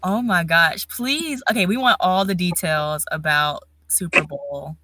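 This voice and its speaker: A woman's voice: fairly low pitch, a little slow, crowd noise. A woman hosting a podcast, chatting casually and reacting with encouraging, gushing remarks. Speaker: podcast host.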